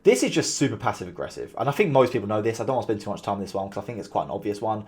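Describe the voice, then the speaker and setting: Fast-talking man giving business tips. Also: fairly low pitch. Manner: animated, mimics sarcastic tones to make points. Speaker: call center founder giving business advice. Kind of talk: casual talking-head advice video.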